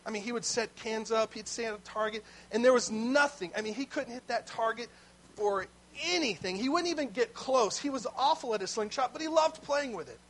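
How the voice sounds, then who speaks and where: A man's voice: very high voice, brisk, a bit bright, low-quality recording. A man preaching a sermon as pastor, telling a story in a conversational way with asides to the congregation.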